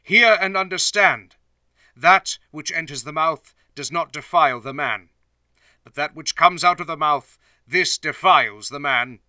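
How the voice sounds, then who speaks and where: A man voicing a solemn male teacher who speaks in a quiet, low, measured way. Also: no echo. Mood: commanding. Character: calm, solemn male teacher rebuking critics.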